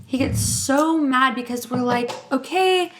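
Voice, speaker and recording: A young woman, a teacher co-hosting a podcast, telling stories in casual chat with lots of filler words and animated put-on voices. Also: a little high, moderate pace. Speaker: podcast co-host, first-grade teacher.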